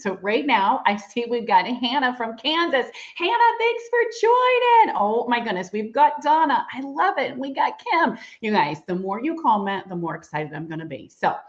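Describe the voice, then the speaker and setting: Bubbly middle-aged woman, lively pitch. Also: normal speed, hardly any pauses. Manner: bubbly, chatty, laughs often. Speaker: direct-sales trainer. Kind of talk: livestream training. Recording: dull lo-fi livestream audio.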